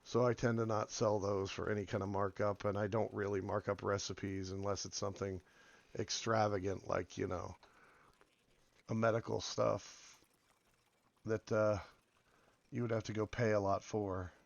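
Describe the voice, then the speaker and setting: A man with a hoarse voice from being sick, rambling casually as he comments on a game and drifts between topics. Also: fairly low pitch, flat delivery, moderate pace, no echo, lo-fi sound. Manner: rambling, meandering, many fillers. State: hoarse from illness. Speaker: game video host.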